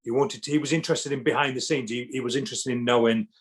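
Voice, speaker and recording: A man guesting on a podcast in casual chat, telling animated stories and acting out what people said. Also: medium pitch, fast talker, husky. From England. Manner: animated storyteller, acts out quotes, many restarts.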